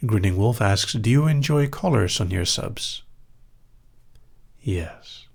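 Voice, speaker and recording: Dutch man, Dutch accent, low gravelly voice, calm, dry humor, live question-and-answer host. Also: moderate pace. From Netherlands. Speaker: hypnosis show host. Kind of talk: live Q&A reading chat questions.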